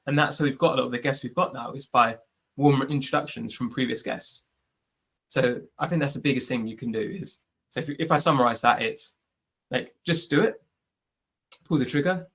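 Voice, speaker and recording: On a video call, a British man who hosts a podcast responds to questions in a live online Q&A, offering advice in a chatty way and frequently saying "like" and "right?". His voice is medium in pitch and a bit bright.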